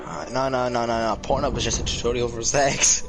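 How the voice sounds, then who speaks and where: A man's voice: medium pitch, fairly even intonation, brisk. A young man chatting crudely and laughing often while gaming. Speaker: gamer chatting with a friend. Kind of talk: casual gaming chat. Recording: game music behind voice. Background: game music.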